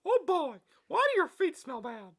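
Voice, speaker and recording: A man doing a high, squeaky impression of a cheerful cartoon mouse in a sing-song falsetto. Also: very animated, moderate pace, exaggerated voice. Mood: cheery.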